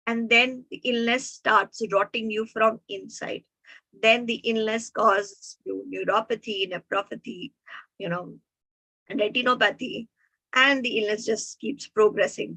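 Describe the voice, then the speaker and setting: Woman doctor, motivational health talk, slow emphatic storytelling, bright voice. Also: fairly high pitch, rough recording.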